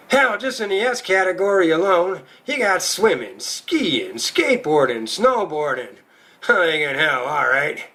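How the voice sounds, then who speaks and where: A man's voice: high voice, bright, forceful tone. A male stand-up comedian telling a crude, profane routine in a rowdy storytelling manner.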